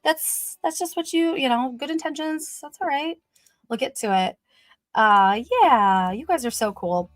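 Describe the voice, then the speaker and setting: Woman host, higher voice, upbeat and chatty, dry close sound. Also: a little slow, no room sound. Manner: chatty and upbeat, many "you know" fillers. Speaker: host of a brand livestream. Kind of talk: casual livestream chat, greeting viewers and reading comments.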